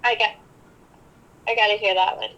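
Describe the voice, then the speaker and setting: A woman's voice: medium pitch, steady tone, normal speed, bright, forceful tone, dull audio. A woman chatting as a guest on a podcast, giggly and agreeable, easily amused. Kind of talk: casual chat. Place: Texas.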